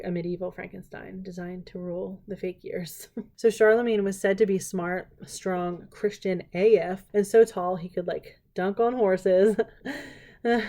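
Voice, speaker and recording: A woman hosting a casual solo podcast, chatty and jokey, full of "like" and quick asides, often laughing. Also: mid-range voice, dark tone. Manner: laughs often and slips into silly put-on voices. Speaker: podcast host.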